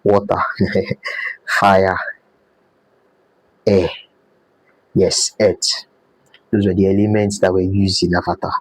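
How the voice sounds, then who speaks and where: A man teaches a design class in a low, husky voice. He repeats key points and throws questions back at his students. The sound is dry and close. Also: little pitch movement, slow, long pauses, no room sound, poor audio. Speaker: design instructor. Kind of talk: live class lecture.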